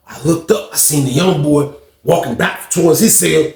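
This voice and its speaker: A man telling a casual storytime monologue to his viewers in an animated, slangy way, acting out what others said in raised voices. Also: fairly high pitch, normal speed, echoey room.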